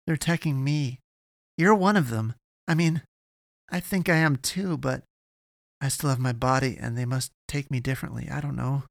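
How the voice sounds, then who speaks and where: A man's voice: medium pitch, normal speed, vocal fry, dry recording, studio quality, voice pushed up, natural voice. A man voicing a frightened young woman who pleads urgently in a shaky voice. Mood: fearful.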